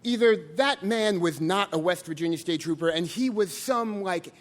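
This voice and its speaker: A man in his twenties telling a true story at a live story slam, animated and self-mocking, acting out other voices. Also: sits high, normal speed. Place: stage in a hall with an audience. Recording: live hall recording with reverb and faint noise.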